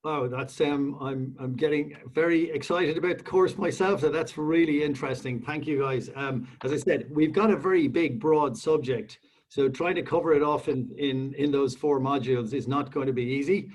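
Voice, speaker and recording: A man's voice: on the high side, fairly even intonation, a little mellow. A man hosting an online panel, often restarting his sentences. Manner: halting, many restarts and fillers. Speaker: panel host. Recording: distant from the mic.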